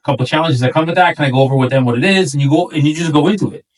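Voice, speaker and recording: A middle-aged man with a New York accent, coaching a newer agent in a relaxed chat and acting out client talk along the way. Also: racing, far from the mic, rough recording. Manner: easygoing, acts out client lines in a higher voice. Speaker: real estate coach. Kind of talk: casual role-play coaching chat.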